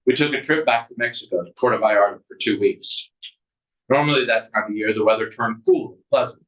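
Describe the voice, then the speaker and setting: A man's voice: mid-range voice, fairly bright tone. A man, an author, reading aloud from his memoir in an earnest, plain way, with casual asides. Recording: distant, muffled recording.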